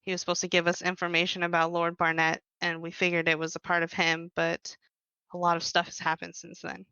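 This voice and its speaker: A woman playing a tabletop game, speaking in a calm, measured way. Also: lowish voice, clear, resonant tone, no echo, lo-fi sound. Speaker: player.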